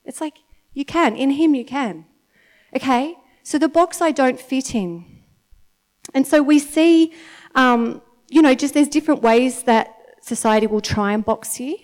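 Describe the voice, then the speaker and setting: High-voiced Australian woman preaching animatedly. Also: measured pace. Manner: animated and chatty, laughs often, gets worked up. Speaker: church speaker. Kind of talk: lively sermon to a congregation. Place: church meeting in front of an audience.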